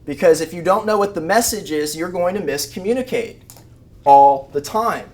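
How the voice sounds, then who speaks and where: A man, an animal behavior trainer giving a lively live talk to rescue volunteers and acting out everyday scenes. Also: high-pitched, normal speed, slight background noise. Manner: animated, acts out scenes with shouted mock voices.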